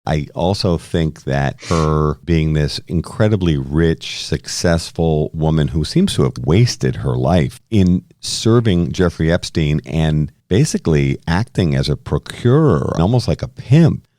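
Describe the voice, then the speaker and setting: A man co-hosting a podcast, talking through a criminal trial in casual conversation, opinionated and quick to chuckle. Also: rumbling low, animated, dark tone, dry recording, clean studio sound. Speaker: podcast co-host. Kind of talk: casual true-crime discussion.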